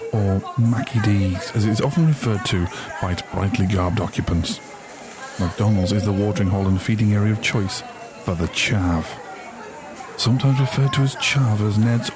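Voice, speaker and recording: An English man narrating a mock wildlife documentary in a dry, mock-serious way. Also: lowish voice. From England. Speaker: comedy podcast host. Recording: music behind the voice.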